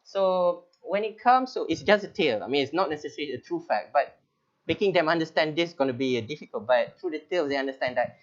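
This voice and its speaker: A man's voice: on the high side, lively intonation, fast talker, highs cut off. A man with a Malaysian English accent, a teacher trainer explaining essay feedback in a chatty, joking way. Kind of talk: webinar on teaching writing.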